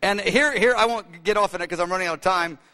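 A man's voice: high voice, fast, sharp tone. A man preaching a sermon, telling a story with many fillers and restarts. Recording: long hall reverb.

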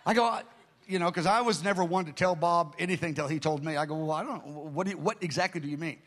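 A pastor telling a story from the pulpit, acting out the voices of the people in it, dropping to a near-hush at times and crying out at others. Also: male voice, a little high, quick pace. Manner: animated storytelling, acting out quotes with dramatic shifts in loudness. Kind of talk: sermon storytelling.

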